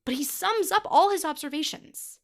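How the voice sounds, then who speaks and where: A woman's voice: extremely high pitch, lively intonation, normal speed. A young adult woman hosting a podcast, delivering a wry, emphatic monologue. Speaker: podcast host.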